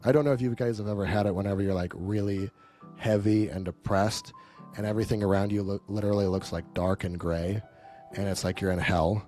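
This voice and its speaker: A man's voice: on the low side, steady tone, brisk, warm tone, faint music behind. A man leading a live sales training, telling his own story in a blunt, casual, profane way and checking in with the audience.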